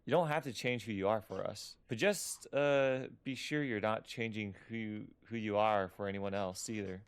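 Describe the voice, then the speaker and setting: A man reading the lines of a caring, stubborn immigrant mother aloud from a story game, in an earnest, softly pleading way. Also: fairly low pitch, moderate pace, clean tone, pitched below the performer's own voice, lightly acted. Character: caring middle-aged immigrant mother, gentle but stubborn.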